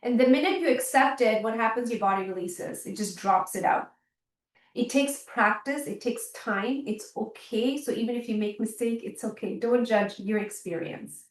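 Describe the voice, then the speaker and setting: A woman's voice: on the high side, normal speed. Earnest woman teaching, roomy and distant. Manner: earnest, repetitive, checks in with listeners. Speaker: chiropractor leading a workshop. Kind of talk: workshop teaching talk. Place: indoor workshop room. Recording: roomy sound, mic at a distance.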